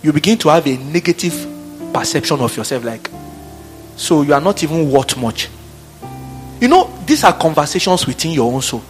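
A high-pitched man delivering a sermon. He preaches animatedly, laughs often and acts out little office scenes, with a soft bed of music faintly behind him. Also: very animated, moderate pace, pauses often.

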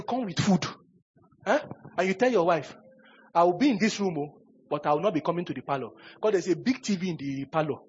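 A man preaching a sermon as pastor, emphatic and repetitive, swinging between soft pleading and loud bursts. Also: high voice, slightly rough. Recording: dull lo-fi sermon recording.

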